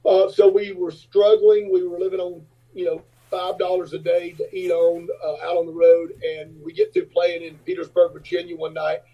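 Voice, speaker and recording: Husky fifties rock-star guest, rambling storyteller, dull lo-fi audio. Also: male voice, high-pitched, little pitch movement, normal speed, few pauses, recorded from a distance. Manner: rambling, filler-heavy anecdotes. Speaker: podcast guest, rock singer and entrepreneur. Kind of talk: casual storytelling.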